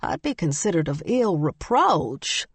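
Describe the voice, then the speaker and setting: A woman voicing a sassy, bossy older woman who runs a campground, with a slow drawl, in an audiobook. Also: on the low side, sing-song, breathy edge, dry recording, full character voice. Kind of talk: audiobook character voice.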